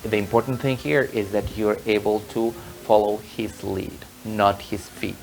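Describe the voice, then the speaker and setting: Slow-spoken man teaching tango. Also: lowish voice, fairly even intonation, gravelly, darkish tone, soft background music, rough recording. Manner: counts rhythms aloud in a sing-song way; patient, explanatory. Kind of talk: online dance lesson.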